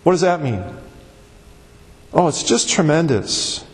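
A man preaching from the pulpit in a high, emphatic voice, slowing down to stress each scripture phrase. His words ring out with a long reverb from the large hall around him. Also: expressive. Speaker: pastor. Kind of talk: sermon.

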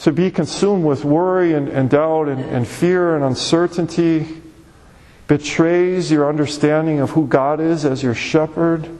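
A man's voice: fairly high pitch, steady tone, a little slow, mellow. Male pastor preaching in a reverberant hall. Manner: conversational and emphatic, repeats words when pressing a point. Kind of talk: sermon. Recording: long reverb of a large hall.

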